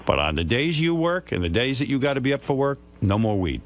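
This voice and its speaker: A man's voice: mid-range voice, very animated, fairly quick, background noise. An older man, hosting a radio show and lecturing a caller bluntly. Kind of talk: on-air advice to a caller.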